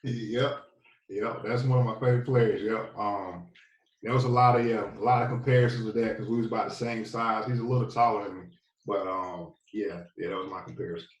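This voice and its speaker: A Southern-accented former football player in his thirties, guesting on a podcast, tells his story in a fairly quick, low voice that's laid-back and heavy on fillers. The lo-fi recording is echoey, and he sits a bit distant from the mic.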